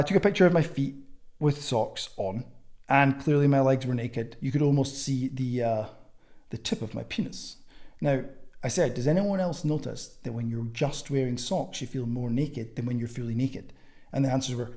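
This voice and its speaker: A young man teaching online coaching in a blunt, sweary, casual way, acting out text chats as quick little scenes. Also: medium pitch, dark tone. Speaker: online fitness coaching mentor. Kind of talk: casual teaching with acted-out message examples.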